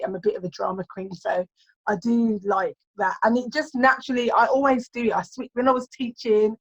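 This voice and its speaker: Brief: high, animated woman guest, playful and dramatic, slightly muffled recording. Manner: lively, laughs often, theatrical. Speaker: podcast guest, entrepreneur. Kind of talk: casual chat.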